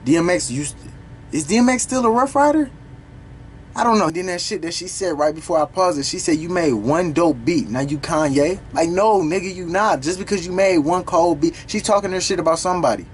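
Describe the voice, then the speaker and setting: Slangy young man, excited reaction host. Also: on the high side, fairly quick, few pauses, slight background noise. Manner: animated, profane, slangy, stops the song to explain lyrics. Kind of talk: casual reaction commentary.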